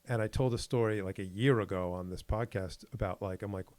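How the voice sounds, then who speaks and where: A man's voice: on the low side, a little fast, no echo. A man co-hosting a podcast in casual chat, telling stories animatedly and acting out what people said. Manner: animated storyteller who acts out quoted exchanges. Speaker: podcast co-host.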